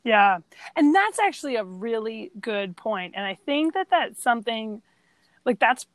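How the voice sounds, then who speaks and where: Chatty woman with a fairly high voice. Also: very animated, unhurried, dry recording. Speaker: podcast co-host. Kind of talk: casual film discussion.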